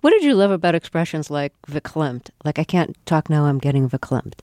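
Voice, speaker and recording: A woman hosting a radio interview asks curious, probing questions in a slightly low voice. The studio sound is close and dry, with no room echo. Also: sing-song, fairly quick, warm tone.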